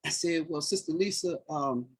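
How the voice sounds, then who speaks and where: A man's voice: fairly high pitch, moderate pace, slightly rough. A middle-aged man telling his personal story as a podcast guest, earnest and moved, repeating phrases as he recalls what people said.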